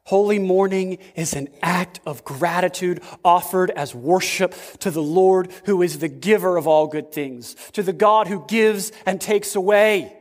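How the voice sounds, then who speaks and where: Pastor guy preaching slow and emphatic, highish voice, big reverby church hall. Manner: slow, emphatic preaching with dramatic pitch swings. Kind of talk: sermon. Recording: long reverb of a large hall.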